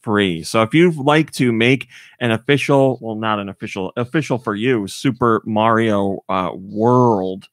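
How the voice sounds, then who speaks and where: A man's voice: fairly low pitch, unhurried, few pauses, no room sound, studio quality. A man hosting a podcast, chatting casually and rambling with frequent fillers. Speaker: podcast host. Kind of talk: casual chat.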